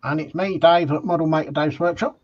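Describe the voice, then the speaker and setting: A man's voice: a little high, fairly even intonation, a little fast, dry recording, muffled recording. A man co-hosting a casual livestream, giving cheery greetings. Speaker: co-host. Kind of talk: casual chat.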